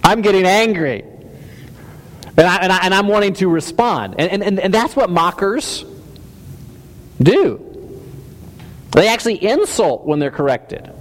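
A man delivers a sermon in a loose, conversational way, often restarting his sentences and poking fun at himself. His voice sits a little on the high side, and a long reverb trails behind it in a church hall. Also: big pitch swings, unhurried, pauses often, a bit bright. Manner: conversational, self-deprecating, many restarts and stammers. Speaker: pastor.

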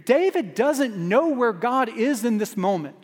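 A man's voice: very high-pitched, sing-song, measured pace, big-room sound. A man preaching a sermon as a pastor, earnest, building urgency through repeated refrains.

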